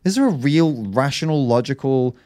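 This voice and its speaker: A young man hosting a casual podcast debate, animated and swearing freely. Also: mid-range voice, normal speed. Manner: animated, swearing, mocking voices when quoting people. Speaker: podcast host.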